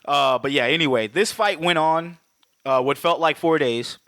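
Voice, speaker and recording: A man co-hosting a podcast, excitedly recapping a movie fight with lots of swearing, laughter and acted-out quotes. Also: a little high, moderate pace, no room sound, clean studio sound. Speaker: podcast co-host. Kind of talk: casual profane movie recap.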